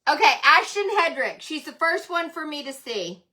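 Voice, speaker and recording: Chatty high-voiced woman hosting a live craft demo. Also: moderate pace. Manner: chatty and excitable, calling out viewers by name. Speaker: livestream host selling craft supplies and clothes. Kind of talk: casual live craft demo with viewer shout-outs.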